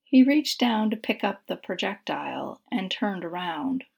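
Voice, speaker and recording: A woman narrating a story in a soft, breathy, half-whispered voice. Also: mid-range voice, sing-song, measured pace.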